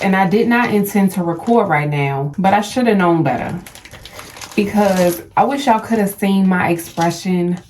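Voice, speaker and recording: Excited woman gushing over perfume unboxing. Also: mid-range voice, slight background noise. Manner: excited, gushing, stumbles over brand names. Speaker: perfume vlogger. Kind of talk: casual unboxing vlog. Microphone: phone.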